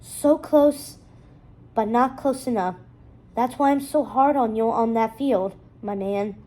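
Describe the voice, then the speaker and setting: A woman's voice: fairly high pitch, slow pace, warm tone, rough recording. A woman voicing a joking young man who is a former racer and acts as his brother's coach, with a coach-like pep-talk manner. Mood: wistful.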